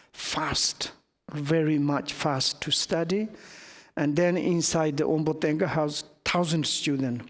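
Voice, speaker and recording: A male Buddhist teacher tells a teaching story in halting English full of restarts. His voice sits a little high. The sound rings with a long reverb, as in a big hall. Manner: halting non-native English, many restarts. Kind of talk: dharma teaching told as a story.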